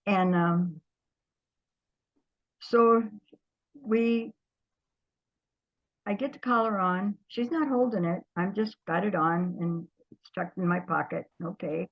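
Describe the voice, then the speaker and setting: An older woman, an interview guest, telling stories from her past in a lively way, often trailing off and starting over. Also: fairly low pitch, takes it slowly, long pauses, muffled recording. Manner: lively storyteller, trails off and restarts. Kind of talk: storytelling reminiscence.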